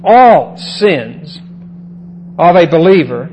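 A man's voice: on the high side, sing-song, drawn-out words, a little mellow, a little hiss or hum, poor audio. A man teaching a Bible lesson in a sermon style, who often repeats key phrases and checks in with his listeners.

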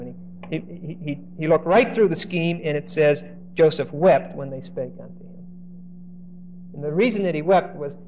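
A man preaching and teaching verse by verse, acting out the quoted speech of the people in the story with lively shifts, and often repeating words as he starts a line. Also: fairly high pitch. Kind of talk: expository Bible teaching. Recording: dull lo-fi recording with faint hiss.

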